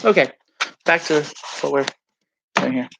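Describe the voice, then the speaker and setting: Gravelly-voiced man chatting on a live stream. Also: on the high side, measured pace, background noise. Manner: rambling, jokey, laughs often. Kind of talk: casual live-stream chat.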